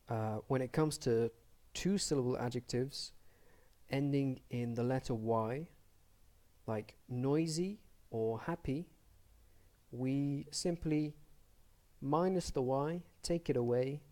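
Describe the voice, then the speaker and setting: A man gives an English grammar lesson at a very unhurried pace, pausing between short phrases. His voice sits at an ordinary middle pitch. He spells words out letter by letter as he explains the rules. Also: dark tone. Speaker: English teacher.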